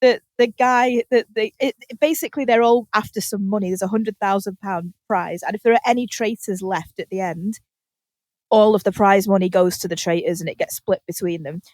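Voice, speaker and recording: A British woman hosting a podcast, telling animated stories in casual chat, laughing often and swearing casually. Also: medium pitch, normal speed, dry recording. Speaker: podcast host.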